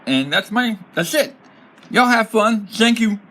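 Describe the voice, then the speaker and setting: A man rambles through a casual explanation of his tabletop character, laughing often. His voice sits a bit high and sounds bright and sharp, and his pitch swings widely. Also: lively intonation, measured pace, rough recording. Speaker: tabletop role-player presenting his character.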